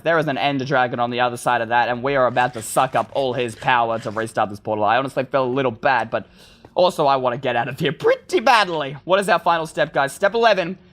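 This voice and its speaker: A man narrating a survival game as he plays, excitable, often calling out to his viewers. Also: high-pitched. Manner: excitable, talks to viewers as "guys". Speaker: gaming video creator. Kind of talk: let's play commentary.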